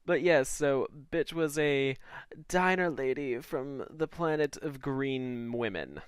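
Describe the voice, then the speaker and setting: A man's voice: medium pitch, animated, takes it slowly, smooth, dry recording, studio quality. A man co-hosting a podcast in casual comedic chat, affectionate and giggly. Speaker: podcast co-host.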